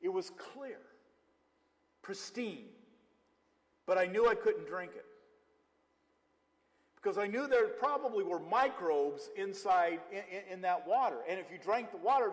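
A man's voice: sits high, expressive, a little slow, pauses often. A male pastor preaching a conversational sermon, mixing scripture with personal stories. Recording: long hall reverb.

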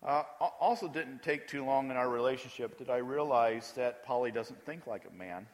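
A man's voice: medium pitch, normal speed. A man preaching a sermon as pastor, emphatic and acting out prayers aloud. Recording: long hall reverb.

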